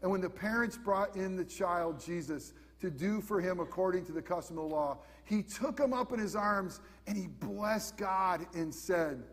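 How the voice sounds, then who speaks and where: Man, preacher, sermon, high-pitched, repeats questions, loud then hushed. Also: moderate pace, hardly any pauses, big-room sound.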